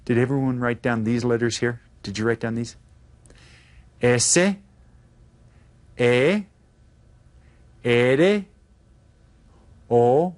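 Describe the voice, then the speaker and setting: Slow, patient man teaching children. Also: medium pitch. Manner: slow, clear modeling of phrases for repetition. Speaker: Spanish teacher. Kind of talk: classroom lesson for children.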